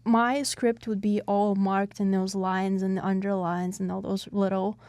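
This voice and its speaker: A woman's voice: medium pitch, level tone, unhurried, a little mellow, dry recording. A woman hosting an interview, sharing her own experience in an enthusiastic, chatty way. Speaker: host. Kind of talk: interview conversation.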